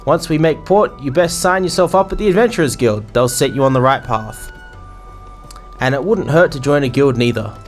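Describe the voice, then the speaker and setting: A gruff, chatty ship's crewman speaks in folksy sailor slang, read aloud by a man playing a game. His voice sits at an ordinary middle pitch. Faint game music plays behind him. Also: animated, moderate pace, natural voice. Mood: advising. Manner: reads NPC lines aloud with folksy sailor slang, trips over words.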